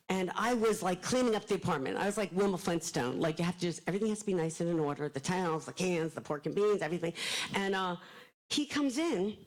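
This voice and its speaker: A middle-aged woman author shares personal stories before a live audience. She is animated and self-deprecating, and she switches between quick asides and acted-out dialogue. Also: medium pitch, low-quality recording. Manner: animated, self-deprecating storyteller acting out quotes. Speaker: author speaking at a library event. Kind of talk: storytelling talk to a live audience.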